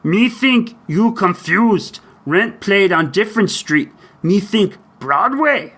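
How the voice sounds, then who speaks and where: A man voicing a furry, cookie-crazed male puppet monster. He talks in broken grammar in a high, gruff put-on voice. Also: animated, slow, a bit bright, heavily acted. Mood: goofy.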